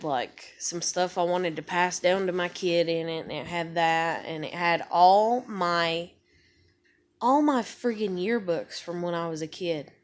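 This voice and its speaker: A woman at home telling a personal story in a rambling, casual way, swearing often and filling pauses with "like" and "you know". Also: on the low side. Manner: rambling, profane, full of fillers. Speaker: vlogger. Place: home with a kitten nearby.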